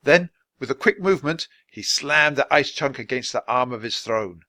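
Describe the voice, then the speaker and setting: A man reads a children's chapter book aloud at a slow, deliberate pace for learners. His voice sits in a middle pitch. The recording is dry and close. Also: animated, sharp tone, no room sound. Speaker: storybook reader.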